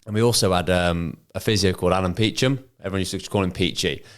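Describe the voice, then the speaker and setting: A man in his forties with a fairly low voice, recounting training-ground tales. He is measured and sprinkles in hesitant "um"s as he builds each story in casual chat. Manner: measured anecdote-telling with hesitant fillers. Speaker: podcast co-host, ex-footballer.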